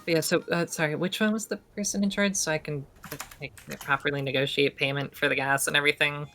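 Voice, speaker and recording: A woman's voice: low voice, steady tone, fast talker, a bit bright, slight background noise. A woman playing a character in a tabletop game, chatty and complaining in character. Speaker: player.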